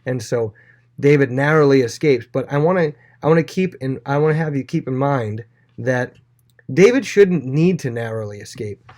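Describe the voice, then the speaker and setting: A man's voice: medium pitch, animated, normal speed, a little mellow. A man teaching a casual Bible lesson, chatty, with many fillers, acting out quoted lines in playful voices.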